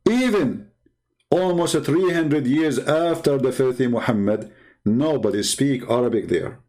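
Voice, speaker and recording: A man in a polemical monologue who answers critics in a mocking, combative way and rises to loud, indignant outbursts. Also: medium pitch, unhurried. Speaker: religion critic answering viewers.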